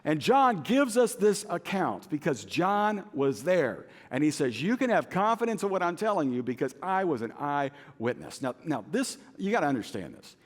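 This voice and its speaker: A man's voice: fairly high pitch, sing-song, normal speed, hardly any pauses. A middle-aged man preaching a sermon as pastor, telling stories with self-deprecating humor. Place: large church auditorium. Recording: long hall reverb.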